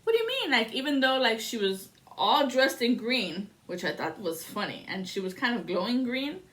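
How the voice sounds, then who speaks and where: A woman doing a casual tarot reading, telling a story in a rambling, excitable way and swearing often. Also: fairly high pitch, normal speed. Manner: rambling and profane. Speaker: tarot reader.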